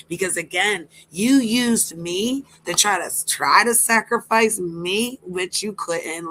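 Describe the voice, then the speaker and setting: A woman's voice: deep voice, sharp tone, slight background noise, low-quality recording. A woman doing livestream commentary, taunting and mocking a rival with sarcasm and swearing. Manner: talks to a rival by name.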